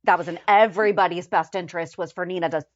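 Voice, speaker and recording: A woman's voice: on the low side, steady tone, quick pace, no room sound, lo-fi sound. A woman co-hosting a fan podcast, chatting casually and reading through a list of episode headlines. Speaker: podcast co-host. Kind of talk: casual recap chat.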